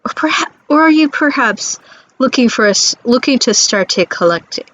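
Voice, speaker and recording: A woman's voice: high voice, animated, normal speed, a bit bright, dull audio, a little hiss or hum, pitched above the performer's own voice. A woman voicing a smug female troll gallery owner with a put-on French accent, sly and drawn out.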